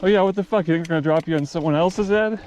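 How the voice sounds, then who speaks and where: A man putting on an exasperated, foul-mouthed grump, shouting in disbelief. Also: on the high side, very fast, a little hiss or hum, voice pushed up, natural voice. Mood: incredulous, exasperated. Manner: shouting, incredulous.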